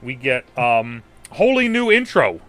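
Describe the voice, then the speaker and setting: Bright-voiced man recapping a movie. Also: medium pitch, very animated, unhurried. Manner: rambling recaps with acted-out quotes and many ums. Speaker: podcast host. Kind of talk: casual movie review chat.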